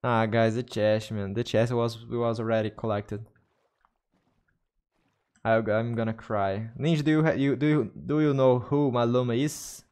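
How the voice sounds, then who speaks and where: A man with a Brazilian Portuguese accent talks casually to his viewers during a game livestream. His English comes in halting bits, with words repeated and restarted, at a mid pitch. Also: fairly even intonation, darkish tone. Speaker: streamer. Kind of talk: casual gaming livestream chat.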